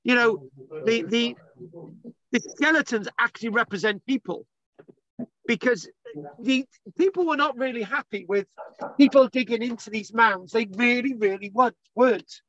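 A man's voice: very high voice, moderate pace, fairly bright tone, dry recording, highs cut off. A man giving a casual online lecture, exasperated and bantering, swearing often.

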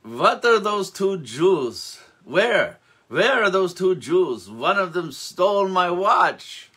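A man voicing an angry male nobleman who shouts accusations in a put-on accent. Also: high voice, very animated, slow, slightly rough, voice pushed up, full character voice. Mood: furious.

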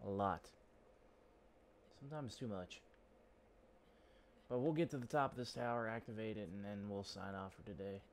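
A man's voice: fairly low pitch, normal speed, pauses often, a little hiss or hum. A man casually commenting while he plays a video game, chatty and rambling, joking about himself. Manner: chatty, rambling, self-deprecating. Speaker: gaming channel host. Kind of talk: casual let's-play commentary.

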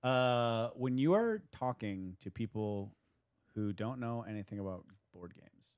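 A man with a somewhat low voice co-hosts a relaxed podcast conversation. He steers the talk with questions and keeps an animated, chatty delivery. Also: measured pace, clear, resonant tone. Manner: leads the questions, animated, frequent laughs. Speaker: podcast co-host. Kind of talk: casual chat.

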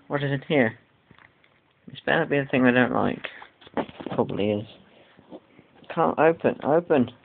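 A man's voice: medium pitch, slow pace, vocal fry, pauses often. A teenage boy vlogging casually at home, rambling and complaining in an exaggerated, whiny way, recorded on a tinny, lo-fi line with faint hiss.

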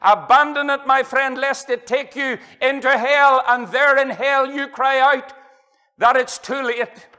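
A middle-aged man with a Northern Irish accent preaching an evangelistic sermon in a church hall. His delivery is impassioned, swinging from loud to hushed as he quotes old-fashioned scripture. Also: very high voice, fairly even intonation, measured pace, smooth.

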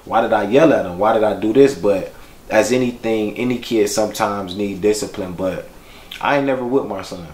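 Low-voiced man, reflective, in a roomy space. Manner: casual, reflective, heartfelt, slangy. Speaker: bereaved father recalling his son. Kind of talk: documentary interview, personal storytelling.

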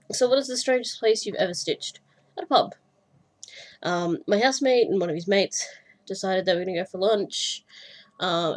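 Breathy woman chatting casually. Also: lowish voice. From Australia. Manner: rambling, many fillers, self-deprecating. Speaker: cross-stitch vlogger. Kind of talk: casual chat.

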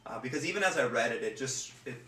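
A male pastor preaches from home in an earnest, halting way, often repeating his words. He sits back from the mic, and his voice rings through a roomy space with faint noise behind it. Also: mid-range voice, lively intonation, bright, forceful tone, distant mic. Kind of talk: scripture reading and sermon. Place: home room.

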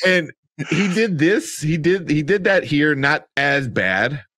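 A man's voice: a little high, expressive, slow pace, a bit bright, no room sound, clean studio sound. A man co-hosting a podcast review, rambling in casual chat with lots of fillers, swearing and laughter. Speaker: podcast co-host reviewing a movie.

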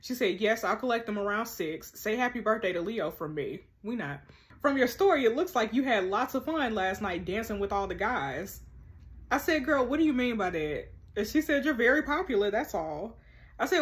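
A host with a medium-pitched voice reads a text-message story game aloud, repeatedly cutting in with her own heated reactions. She's sassy and animated, firing off quick-tempered, slangy asides between the messages.

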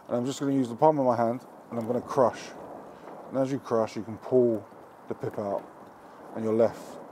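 A man runs a cooking demonstration in a loose, cheeky, foul-mouthed way, speaking straight to camera at a medium pitch. He is outdoors by a barbecue, with faint traffic and ambience behind him. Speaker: cooking show host.

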